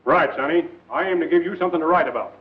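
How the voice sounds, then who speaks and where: An actor playing a confident, folksy gunslinger marshal with an easy drawl, in 1940s serial style. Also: male voice, fairly high pitch, very fast, breathy edge. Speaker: frontier marshal. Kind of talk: 1940s film serial acting. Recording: muffled old film soundtrack with hiss.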